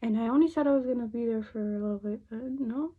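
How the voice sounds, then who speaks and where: A young American beauty vlogger with a fairly high voice does her makeup while chatting fast and loosely, swearing often and slipping into Spanish phrases. The dull, lo-fi phone audio has a noisy background.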